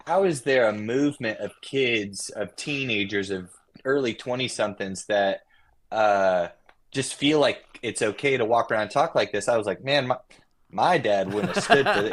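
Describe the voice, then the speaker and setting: A man with a lowish voice talks slowly through a memory, circling back and restarting as he finds his words. He speaks like a guest on a casual podcast, thoughtful rather than performative. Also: animated, fairly bright tone. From Nashville. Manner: reflective, rambling with many restarts. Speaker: guest musician.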